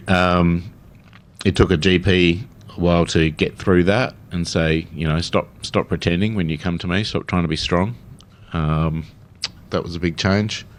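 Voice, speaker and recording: Deep-voiced frank Australian man. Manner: frank, plain-spoken, with casual swearing. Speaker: panelist with lived experience. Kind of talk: candid panel talk.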